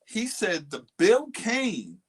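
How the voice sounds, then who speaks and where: A man's voice: sits high, wildly swooping pitch, slow pace, breathy edge. A man co-hosting a podcast, casually and animatedly retelling a friend's dating story with quoted lines. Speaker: podcast co-host.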